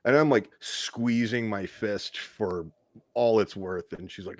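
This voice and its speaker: Male podcast guest, low-pitched, rambling self-deprecating storyteller, dead-dry mic. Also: steady tone, a little slow, no room sound. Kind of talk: casual interview storytelling.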